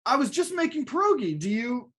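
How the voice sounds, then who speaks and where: A man's voice: extremely high pitch, sing-song, fairly quick, fairly bright tone, slightly rough, voice pushed up, exaggerated voice. A man voicing a timid young man who stammers and pleads with his landlord, in a comedic script read-through. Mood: nervous.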